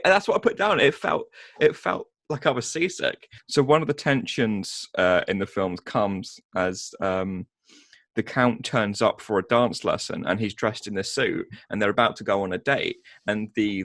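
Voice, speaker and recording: Man, film podcast co-host, halting and sarcastic, dry recording. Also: on the low side, expressive, gravelly, a bit bright, no echo. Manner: hesitant, many ums and restarts, sarcastic. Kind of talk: casual film review chat.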